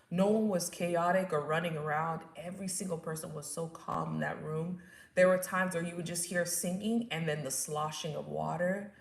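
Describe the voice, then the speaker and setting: Young woman chatting through a personal story, lowish voice, acts out the quotes, echoey room. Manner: animated, acts out quotes and screams, laughs at herself. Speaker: vlogger telling her birth story.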